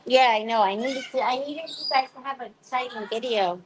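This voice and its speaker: Higher-pitched woman, playful rambling pet vlog chat, talks to her birds. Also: fairly quick, noisy background. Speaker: pet bird vlogger. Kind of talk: casual chat to her pets and viewers.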